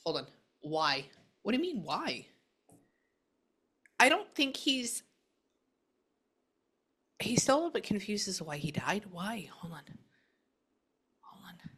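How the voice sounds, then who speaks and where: A woman's voice: mid-range voice, big pitch swings, takes it slowly, pauses often, fairly bright tone, husky. A woman working as a psychic medium, chatting bluntly through a casual reading session indoors. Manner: chatty, blunt, quotes the spirit back and forth.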